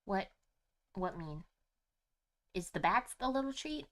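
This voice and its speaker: A woman's voice: mid-range voice, slow. Gushing young woman streamer. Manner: gushing, excitable, swears freely. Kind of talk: gaming livestream commentary. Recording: faint game music behind.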